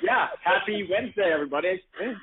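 A man's voice: sits high, expressive, fast talker. A man in his thirties, co-hosting a radio show in laid-back, wry, joking chat. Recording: phone line with faint noise.

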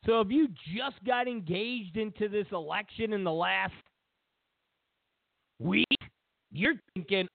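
A man's voice: high-pitched, slow pace, creaky, long pauses, no room sound. A man hosting political commentary, ranting with sarcastic, mocking jabs. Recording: tinny phone-like line, dry.

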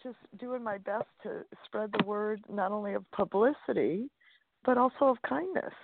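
A woman's voice: medium pitch, normal speed, creaky. A woman guest author talking in an upbeat, chatty way, with many fillers and restarts. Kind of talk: interview over a phone line. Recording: dry, tinny phone line.

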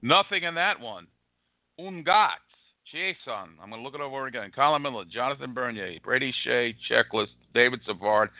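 A man hosting a live card-pack break, rattling off names with excited, wisecracking commentary. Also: medium pitch, a little slow, no echo, narrow, tinny audio. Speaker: host opening card packs. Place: room across from an arena.

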